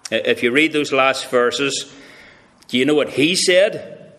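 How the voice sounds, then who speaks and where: A man's voice: mid-range voice, measured pace, fairly bright tone. A man preaching a sermon, earnest and emphatic, with many rhetorical questions.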